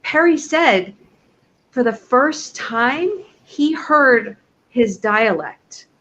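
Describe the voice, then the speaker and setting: A woman's voice: fairly high pitch, lively intonation, extremely slow, a bit bright. Eager woman co-host, muffled lo-fi recording. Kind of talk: casual chat. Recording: dull lo-fi audio.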